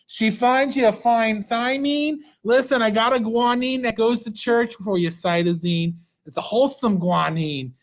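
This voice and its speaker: A man voicing a doting matchmaker grandmother in a coaxing, gossipy sales-pitch manner, with muffled lo-fi audio. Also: a little slow, few pauses.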